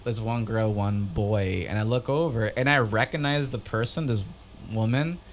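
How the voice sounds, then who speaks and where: A podcast co-host with a fairly low voice tells a story animatedly at a moderate pace, acting out dialogue in a raised voice. There's slight background noise on the casual recording.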